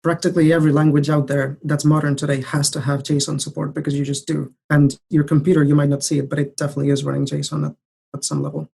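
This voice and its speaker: Guest speaker, male, gravelly husky voice, flat delivery, explains things thoughtfully. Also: fairly high pitch. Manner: thoughtful, measured, some hesitant restarts. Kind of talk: casual tech podcast chat.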